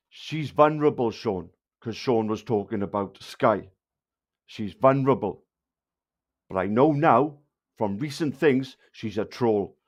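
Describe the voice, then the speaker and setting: A man with a South Wales Valleys accent ranting angrily at viewers on a livestream, swearing and hurling insults. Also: fairly low pitch. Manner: angry, insulting, heavy swearing.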